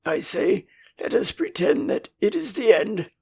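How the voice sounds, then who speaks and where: A man's voice: high voice, big pitch swings, measured pace, vocal fry, darkish tone, husky, pitched above the performer's own voice, heavily acted. An older man with an English accent voicing a gloomy little boy in a storybook audiobook.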